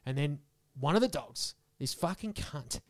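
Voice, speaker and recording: High-voiced swearing podcast man. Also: measured pace. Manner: profane, animated storytelling. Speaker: podcast co-host. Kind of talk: casual podcast banter.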